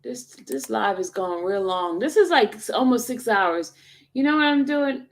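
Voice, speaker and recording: A woman's voice: a little high, animated, moderate pace. A woman hosting a livestream, talking casually and rambling straight to her viewers. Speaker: livestream host.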